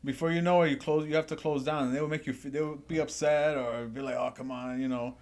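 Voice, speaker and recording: A man, a podcast guest, talking in a relaxed, reflective way about old jobs. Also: fairly high pitch, fast talker. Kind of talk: casual conversation.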